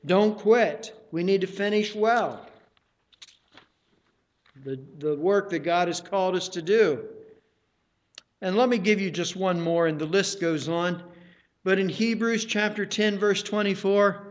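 A man with a fairly high voice delivers a sermon at an unhurried, measured pace. He presses his listeners with direct questions and circles back over key phrases to drive them home. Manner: deliberate, repeats phrases for emphasis; exhorting the congregation with questions. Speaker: preacher.

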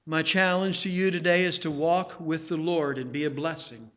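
A man's voice: on the high side, fairly even intonation, moderate pace, a bit bright. A man preaching a sermon. He exhorts his listeners with direct questions and repeats key phrases for emphasis.

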